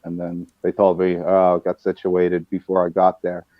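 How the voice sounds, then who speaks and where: A man, a podcast guest, telling stories in a casual, animated way. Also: sits low, moderate pace, dry recording. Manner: storytelling, animated. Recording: dull lo-fi sound.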